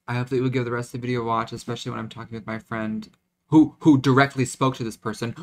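A young man in his twenties venting in a confessional vlog, rambling, choked up and close to tears, with frequent restarts. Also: mid-range voice. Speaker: vlogger.

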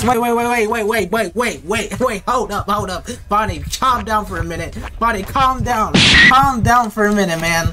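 A man's voice: sits high, unhurried, hardly any pauses. A jittery young man doing casual horror game commentary, chatting nervously to the game characters as he plays. Noise hangs under his voice, and mouse clicks tick in the background. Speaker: gaming YouTuber. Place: home gaming setup. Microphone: desk mic with facecam.

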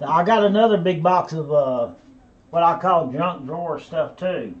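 Man, auctioneer, high voice, repetitive bid calling, dull lo-fi sound. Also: expressive, measured pace. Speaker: auctioneer and host. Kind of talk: live online auction calling.

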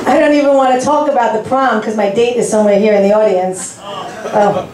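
A woman in her forties performing a stand-up set of deadpan, self-mocking one-liners in a comedy club. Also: on the high side, fairly quick, noisy background. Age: 40s. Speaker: stand-up comic. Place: club stage with audience. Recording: echoey room, from a distance.

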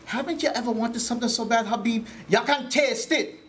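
A man's voice: very high voice, a little fast, fairly bright tone, a little hiss or hum. A man voicing a young Bahamian dishwasher who dreams of acting, with a Bahamian accent and a confident, insistent manner. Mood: dreaming.

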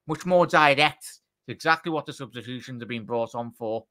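A man hosting a live football watchalong, chatting to viewers and reacting excitedly to the play. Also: medium pitch, moderate pace. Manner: excitable, chatty, addresses chat directly. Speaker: watchalong host.

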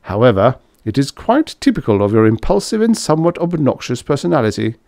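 A man's voice: mid-range voice, sing-song, brisk, vocal fry, dark tone, no room sound, studio quality, pitched above the performer's own voice. Man playing a snooty, insulting android butler. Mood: condescending. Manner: prim, condescending, formal.

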